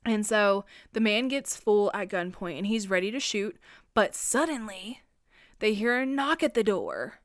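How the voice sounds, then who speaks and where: A young woman hosting a podcast, casually retelling a film's plot in a chatty, profane way and slipping in quick voices for the characters. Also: mid-range voice, expressive, no room sound, studio quality. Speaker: podcast host. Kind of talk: casual film recap.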